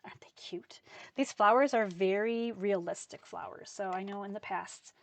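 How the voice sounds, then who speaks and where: A woman's voice: mid-range voice, normal speed, creaky, noisy background. A woman teaching a live card-making class, chatty and enthusiastic as she talks through each step. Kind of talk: live craft class demonstration.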